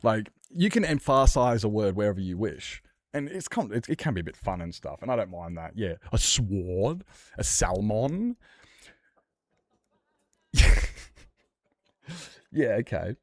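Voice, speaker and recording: Male streamer, lowish voice, close dry mic, rambling, casual swearing. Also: big pitch swings, a little slow, pauses often, no room sound. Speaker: livestreamer. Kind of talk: casual chat with viewers while gaming.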